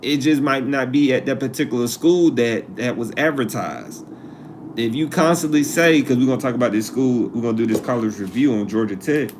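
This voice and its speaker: A man's voice: mid-range voice, a little fast, a little hiss or hum. A man hosting a live stream, talking in a loose, conversational way, drifting off topic and repeating himself for emphasis. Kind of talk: casual live-stream talk.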